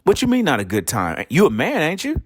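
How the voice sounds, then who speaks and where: Guy doing a mocking high squeaky voice of a scolding young woman. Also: wildly swooping pitch, a little fast. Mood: indignant. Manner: high-pitched, mocking and shrill.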